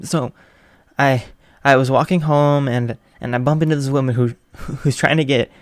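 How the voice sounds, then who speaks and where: A shy, flustered teenage boy who stammers and trips over his words, as a male reader voices him. He sounds nervous and earnest, slightly raised in pitch. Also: fairly even intonation, normal speed, no echo, clean studio sound, natural voice. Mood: stammering.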